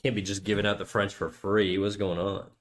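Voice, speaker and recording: While drawing on stream, a Canadian man keeps up casual, crude banter loaded with swearing and jokes. He speaks fairly quickly in a lowish voice that barely moves in pitch.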